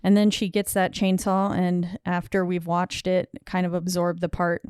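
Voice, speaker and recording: A woman's voice: lowish voice, monotone, normal speed, a little mellow, clean tone, no room sound, clean studio sound. A woman co-hosting a podcast, chatting about a film's scenes with enthusiasm and filling gaps with "um" and "like". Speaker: podcast co-host recapping a film. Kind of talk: casual chat.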